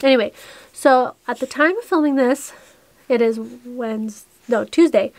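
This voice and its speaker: A young woman with a fairly high voice vlogs to her camera from a small, cluttered room indoors, speaking at normal speed with no echo. It's a chatty get-ready-with-me video, and she rambles, sounds a little breathless, and restarts often.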